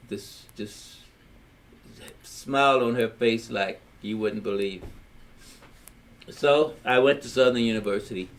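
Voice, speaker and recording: Older man from Louisiana telling his story. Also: mid-range voice. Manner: rambling, plain-spoken storyteller acting out quotes. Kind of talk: storytelling in a family history recording.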